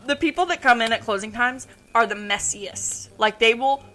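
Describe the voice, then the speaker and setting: Bright, animated young woman storyteller. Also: on the high side, moderate pace. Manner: animated storytelling, swears freely. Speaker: podcast co-host. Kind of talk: casual chat.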